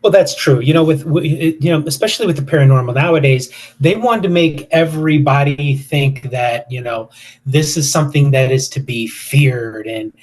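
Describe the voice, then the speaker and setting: A man's voice: medium pitch, moderate pace. A man in his fifties, a paranormal investigator, telling stories casually in an interview with many fillers and restarts.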